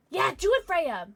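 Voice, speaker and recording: Bubbly young woman streamer, lively pitch. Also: vocal fry. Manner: bubbly, thanks chat, squeals with excitement. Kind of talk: casual livestream chat.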